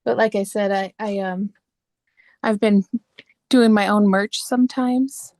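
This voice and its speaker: A woman's voice: mid-range voice, fairly even intonation, measured pace, a little mellow, dry recording. A woman guest in a casual chat, easygoing, with short agreeing replies.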